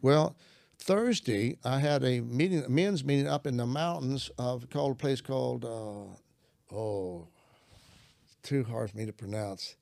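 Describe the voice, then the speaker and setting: A man's voice: mid-range voice, a little slow, creaky, darkish tone, no room sound, studio quality. An older man, a minister, telling a personal faith story in conversation, earnest and acting out his own prayers. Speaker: guest minister.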